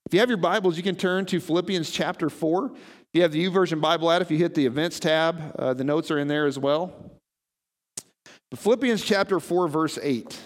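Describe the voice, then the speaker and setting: A man's voice: on the high side, brisk. A man preaching a sermon to his congregation, conversational, often asking them questions. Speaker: pastor. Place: church sanctuary. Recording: reverberant hall.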